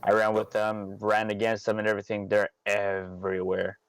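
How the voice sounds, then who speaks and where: A man speaking low-key and matter-of-fact as a guest on a casual panel. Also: monotone, moderate pace, clear, resonant tone, no echo.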